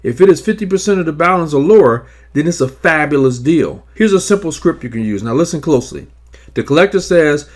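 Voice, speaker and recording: A man narrating scripted instructions on negotiating debts, in a measured, emphatic coaching manner. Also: on the high side, animated. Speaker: credit repair advisor.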